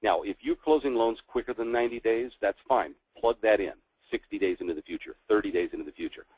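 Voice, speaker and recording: A man's voice: lowish voice, fast, darkish tone, slightly rough, no room sound, poor audio. A middle-aged man teaching a sales training session, walking through scripts in an instructive way with frequent fillers. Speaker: sales coach.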